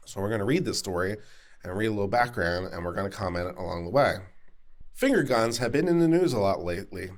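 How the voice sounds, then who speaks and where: A man's voice: on the low side, expressive, fast talker. Sarcastic man reading and commenting on news. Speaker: legal commentary host.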